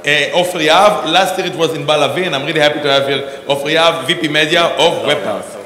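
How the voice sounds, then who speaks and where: A man's voice: fairly high pitch, fast talker, sharp tone. A man hosts a conference and introduces a panel on stage, rambling with many fillers and restarts. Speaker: conference host. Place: large conference hall. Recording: echoey hall with a long reverb.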